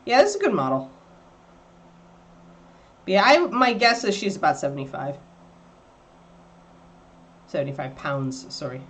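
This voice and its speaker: Her voice is a bit bright, with big pitch swings, a slightly slow pace, and long pauses. She's hosting a livestream, painting miniatures as she rambles casually and slips into high-voiced baby talk with her dog.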